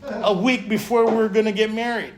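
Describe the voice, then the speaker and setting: A middle-aged man speaking at a recovery retreat, telling his story in an animated way and acting out the dialogue. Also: high-pitched, fairly quick.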